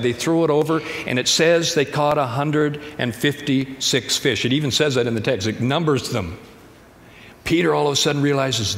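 A man's voice: medium pitch, normal speed, fairly bright tone. A man pastor preaching a sermon in a conversational, storytelling manner, recorded in a church sanctuary. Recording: church hall reverb, faint ambience.

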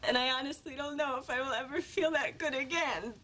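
A woman acting in a sitcom as a heartbroken young woman who speaks softly and tearfully. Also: high-pitched, fairly quick, slight background noise.

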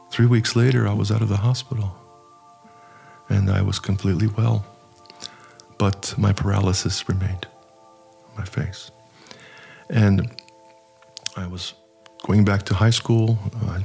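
A middle-aged archpriest telling a personal story in an earnest, halting way, with many pauses and fillers. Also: male voice, on the low side, gravelly, darkish tone. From United States. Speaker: archpriest guest.

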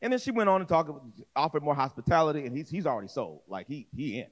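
A male pastor with a high, lively voice that swoops up and down preaches a sermon, talking fast. He speaks straight to the congregation in a casual, conversational way, acting out the people in his story and often repeating himself or restarting a phrase.

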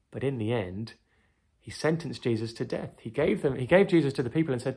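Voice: medium pitch, expressive, fairly quick, a little mellow, husky. A children's teacher telling and reading a Bible story, often asking the children tag questions.

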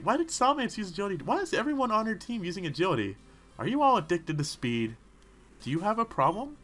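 A man giving rambling, excitable gaming commentary, talking back to the characters on screen. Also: on the high side. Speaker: let's play host.

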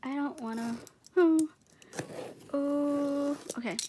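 A woman's voice: high-pitched, slow, background noise. A young woman gushing and giggling as she unboxes gifts in a casual vlog.

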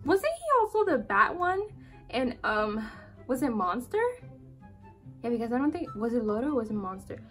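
A young woman reacting to a music video in excited casual commentary, gushing and squealing with drawn-out exclamations. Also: on the high side.

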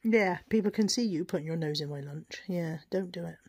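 A woman's voice: fairly low pitch, brisk, darkish tone, slightly rough. A British woman chatting frankly to her phone camera at home as a vlogger, self-deprecating and casual. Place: at home, kitchen and bedroom.

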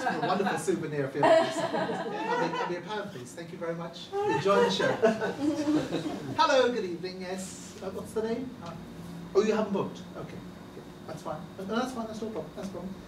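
A performer plays a fussy front-of-house attendant who chatters and trips over false starts, the voice swinging up and down with lively pitch. Heard from across an echoey hall with audience noise, as in a live amateur cabaret. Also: recorded from a distance. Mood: chatty. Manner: stammering, gossipy, with many false starts. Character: fussy, chatty theatre box-office attendant greeting arrivals. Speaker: comedy sketch performer. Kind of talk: live stage sketch. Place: village hall stage.

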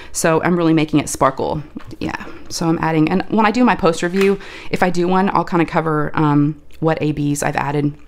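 A woman hosts a crafting video, chatting casually as she crafts on camera. Allergies make her voice deeper and scratchy, and she talks in a folksy, chatty manner, saying "y'all."

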